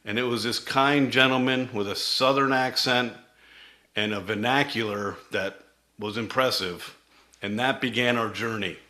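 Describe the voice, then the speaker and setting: A man's voice: medium pitch, steady tone, unhurried, pushed and bright. A middle-aged man, a company CEO, telling his founding story in a vivid presentation that acts out quoted dialogue.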